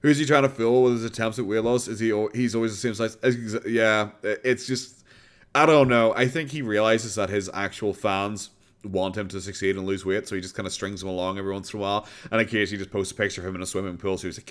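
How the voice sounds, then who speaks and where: A man's voice: on the low side, fairly even intonation, quick pace. An Irish man hosting a casual commentary stream, sarcastic and profane, breaking into laughter often.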